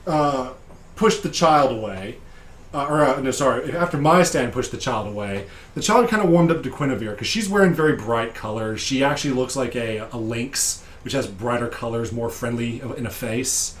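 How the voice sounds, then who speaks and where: A man with a deep voice casually recapping a tabletop game session as game master, digressive and laughing often. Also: animated, moderate pace, echoey room.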